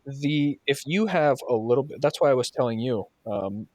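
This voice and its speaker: A man talks in a casual podcast chat, swearing freely and getting worked up as he tells a story. His voice sits at an ordinary pitch and is recorded close and dry, with no room sound. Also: normal speed, darkish tone, no room sound. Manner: profane, heated storytelling. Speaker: podcast host and soccer coach.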